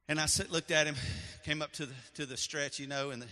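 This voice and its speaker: A middle-aged man preaching a sermon, telling a personal story with strong emotion and swinging between loud and soft. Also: a little high, fairly even intonation, fast talker, hardly any pauses. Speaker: pastor. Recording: echoey hall.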